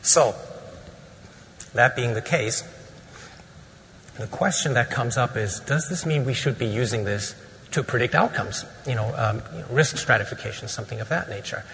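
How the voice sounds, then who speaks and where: A man's voice: medium pitch, moderate pace, long pauses, a bit bright. Male physician presenter, casual and joking, in a reverberant hall with faint room noise. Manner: casual and joking, with many fillers. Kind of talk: conference lecture.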